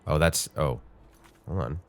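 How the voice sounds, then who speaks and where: Very deep-voiced, congested male game host. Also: unhurried, faint music behind. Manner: rambling, chatty, thinks aloud with many fillers. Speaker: gaming channel host. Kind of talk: casual gameplay commentary.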